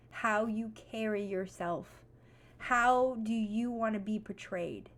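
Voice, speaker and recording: A young woman with a high voice speaks straight to her viewers in a motivational vlog. She is blunt and profane, and she moves between calm advice and loud, heated venting. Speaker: vlogger. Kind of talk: motivational talk to camera.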